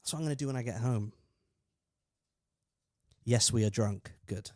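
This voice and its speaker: A man's voice: mid-range voice, moderate pace, darkish tone, no room sound, clean studio sound. A man who co-hosts a podcast and does comedy, joking and bantering while he watches a race. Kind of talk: casual chat over a live race.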